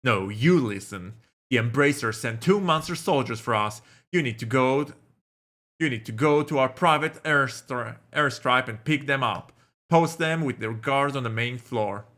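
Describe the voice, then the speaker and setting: A man plays a crude, jealous lover who loses his temper and curses, snapping every line in a scolding way. The voice sits at a middle pitch with a bright, forceful edge. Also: a little slow, natural voice. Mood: angry, scolding. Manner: angry, cursing, snapping.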